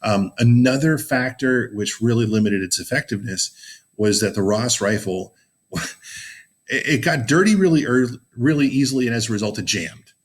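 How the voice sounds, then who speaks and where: A man's voice: medium pitch, expressive, moderate pace. A man giving an informal history lecture, chatty and loose, with many fillers and sarcastic asides. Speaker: teacher. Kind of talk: casual classroom lecture.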